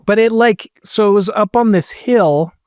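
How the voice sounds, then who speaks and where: A man's voice: high voice, unhurried, a little mellow, clean tone, no room sound, clean studio sound. A man co-hosting a podcast, telling a long rambling story and quoting people as he goes. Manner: rambling, quotes people with "he's like". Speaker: podcast co-host. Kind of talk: casual storytelling chat.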